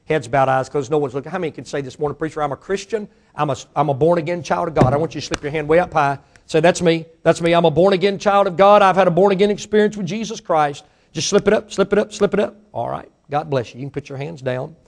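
A pastor with a Mississippi Southern accent preaching a sermon, his voice swelling to fiery shouts and then falling to a hushed prayer. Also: a little high, fast talker, few pauses. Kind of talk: sermon with altar call.

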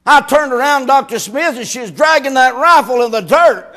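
A man preaching a sermon, telling a folksy story and rising into shouted preaching. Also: very high voice, expressive, moderate pace.

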